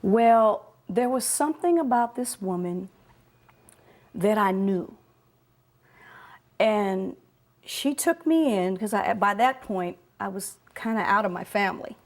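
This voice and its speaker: A woman, a guest in an interview, telling heartfelt personal stories with animated delivery, laughing often and dropping to a soft hush at tender moments. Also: mid-range voice, takes it slowly, long pauses.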